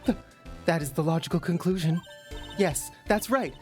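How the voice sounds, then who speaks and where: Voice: medium pitch, darkish tone, faint music behind, close to an everyday voice. Someone playing a cold, haughty young prosecutor woman. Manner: cold, condescending, measured.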